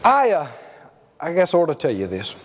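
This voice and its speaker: A middle-aged man preaching a sermon, telling stories in an animated way with chuckles. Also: a little high, brisk, long reverb tail.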